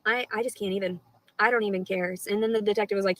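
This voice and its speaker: A woman's voice: on the high side, steady tone, fast, a bit bright, poor audio. A woman talking straight to her live stream audience, rambling and swearing a lot, with an aggrieved tone. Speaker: livestreamer.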